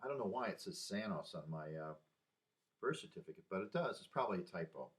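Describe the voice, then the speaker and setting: An older man in his sixties with a deep, low voice that still swings widely in pitch. He rambles through memories, halting and restarting, often sighing. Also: lively intonation. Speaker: vlogger. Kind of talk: casual personal monologue.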